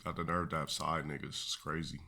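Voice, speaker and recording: A man's voice: rumbling low, level tone, brisk, gravelly, pushed and bright. A male streamer giving crude, dismissive reaction commentary on a live stream. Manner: blunt, crude, dismissive ranting.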